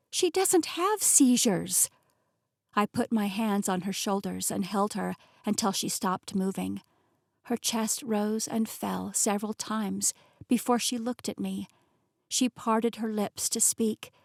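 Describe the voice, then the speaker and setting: A woman narrating a first-person novel with expressive, emotionally engaged delivery. Her voice sits at a medium pitch. The studio recording is dry and close. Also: vocal fry, dry recording. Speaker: audiobook narrator.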